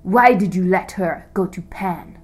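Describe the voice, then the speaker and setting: A woman voicing a male cursed beast king with a deep, raspy, growling voice in a storybook reading. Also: normal speed, a little mellow, soft background music, natural voice. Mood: demanding. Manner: growling, demanding.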